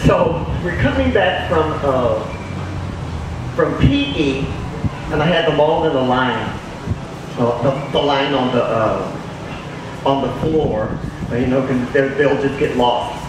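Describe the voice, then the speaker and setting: A man's voice: medium pitch, slow, pauses often. A man from Beaumont, Texas, telling funny classroom stories live as a storyteller and teacher. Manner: animated, acts out children's voices. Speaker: storyteller and schoolteacher. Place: outdoor downtown festival stage. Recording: distant, echoey outdoor sound with noise.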